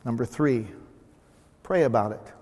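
Male pastor, mid-pitched voice, emphatic repeated points, long church reverb. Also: unhurried, darkish tone. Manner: emphatic, repeats key phrases. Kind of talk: sermon. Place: church sanctuary.

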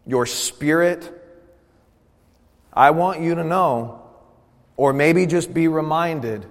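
A man preaching a sermon in a church sanctuary, his fairly high voice carrying a long reverb through the room. He reads a devotional, then builds to loud, emphatic preaching, stretching out key words slowly for weight. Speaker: pastor.

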